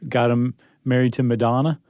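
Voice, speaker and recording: A man's voice: medium pitch, little pitch movement, fairly quick, darkish tone, no room sound. A man co-hosting a podcast, chatting casually and joking around with his co-host. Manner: chatty, joking, laughs often. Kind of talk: casual chat. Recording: dry close studio sound.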